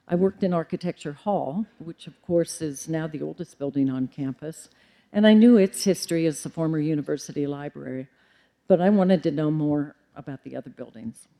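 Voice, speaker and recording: Middle-aged woman librarian giving a lecture, mellow low-key tone, some ums. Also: vocal fry. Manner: measured, with occasional ums and self-corrections. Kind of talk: formal lecture.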